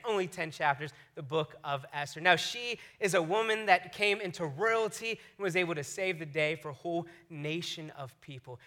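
A man in his thirties preaching a casual, enthusiastic sermon as a pastor. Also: high voice. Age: 30s. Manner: energetic, enthusiastic storytelling.

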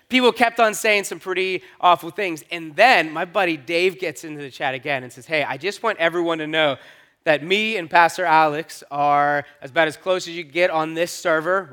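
A pastor tells a story from his own life in sermon style, animated and acting out each quote. His voice sits high for a man. The tone is bright and forceful. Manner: animated, acts out quoted lines with rising energy.

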